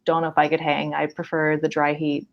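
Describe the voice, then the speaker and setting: A young woman with a notably low voice talks through her fieldwork on a podcast. Her telling is animated and casual, scattered with "like" and quick laughs. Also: creaky, lo-fi sound. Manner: animated storytelling with frequent likes and laughs. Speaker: wildlife biologist guest.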